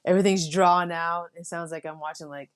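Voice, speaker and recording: A young adult woman from the United States, a Marine officer guest, telling stories in a relaxed, casual way with many fillers. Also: fairly low pitch, a little fast. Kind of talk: casual interview.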